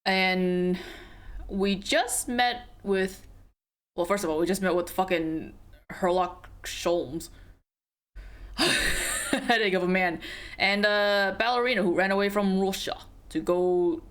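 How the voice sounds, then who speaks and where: A young woman giving casual, rambling game commentary, swearing freely and breaking into quick laughs. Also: medium pitch. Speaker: let's play streamer.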